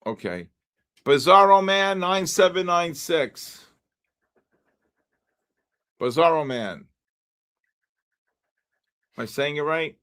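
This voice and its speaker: A man's voice: high-pitched, expressive, measured pace, fairly bright tone, clean tone. A man hosting a live trading stream, calling out viewer names one by one like an auctioneer. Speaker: livestream host.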